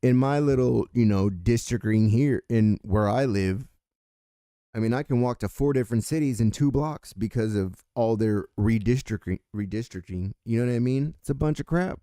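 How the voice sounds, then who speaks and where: Male political commentator from California, heated profane rant, mid pitch, dry. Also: normal speed, warm tone, smooth, no room sound.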